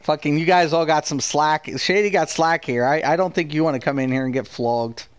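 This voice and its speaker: A man's voice: on the high side, fairly even intonation, a little fast, clean tone, no room sound. A man hosting a live gaming stream, ranting heatedly and profanely while answering his chat. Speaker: gaming streamer and channel host.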